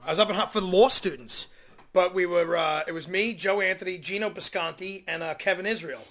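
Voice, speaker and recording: High bright-voiced comedian telling stories. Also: male voice, brisk. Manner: animated storytelling, acts out quotes. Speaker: comedian co-host. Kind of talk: casual comedy radio chat.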